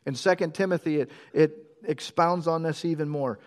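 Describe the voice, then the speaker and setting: A middle-aged man preaching a sermon in a conversational way, with quick storytelling asides. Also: fairly high pitch. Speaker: pastor.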